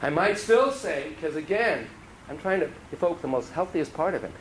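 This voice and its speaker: Animated man lecturing on therapy. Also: a little high, moderate pace, slight background noise, rough recording. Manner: animated, acts out dialogue in different voices. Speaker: child psychotherapist lecturing. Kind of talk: lecture to a class.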